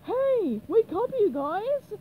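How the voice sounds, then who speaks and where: A woman doing a loud, high waiter. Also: sing-song, slow pace, phone-quality sound, a little hiss or hum, full character voice. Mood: rousing. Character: friendly restaurant waiter.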